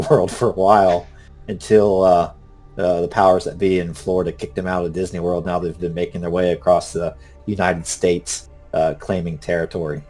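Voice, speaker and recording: A man's voice: low-pitched, darkish tone. A man running a tabletop game as game master, narrating in a loose, rambling way with many fillers.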